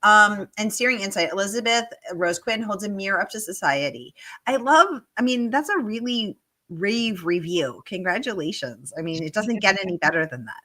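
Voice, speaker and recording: A bright, forward-sounding woman hosts a livestreamed book Q&A. She gushes warmly over praise and reads viewer questions aloud, keeping things bubbly. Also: medium pitch, animated, normal speed. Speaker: host. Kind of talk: livestream author Q&A.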